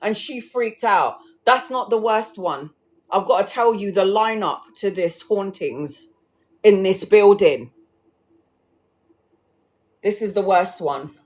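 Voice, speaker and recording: A woman telling ghost stories casually, animated and swearing, acting out the people she quotes. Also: mid-range voice, slow pace, long pauses. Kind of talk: casual storytelling livestream.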